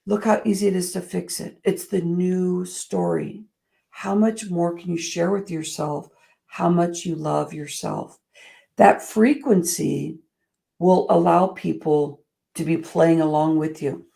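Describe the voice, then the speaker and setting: A woman giving an earnest, expressive motivational talk as a coach, moving between soft, slow passages and lively emphatic ones. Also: lowish voice, gravelly. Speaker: speaker and coach.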